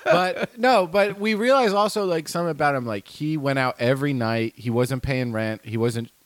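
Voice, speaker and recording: A man's voice: a little high, moderate pace, no room sound. A man, a comedian guest on a podcast, talking in casual chat in a reflective, wry, rambling way.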